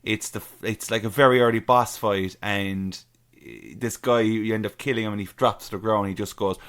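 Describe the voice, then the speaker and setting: A man's voice: fairly low pitch, steady tone, moderate pace, a bit bright, smooth. A man co-hosting a podcast in casual chat, enthusiastic and gushing. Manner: enthusiastic, gushing about favourite lines. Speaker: podcast co-host.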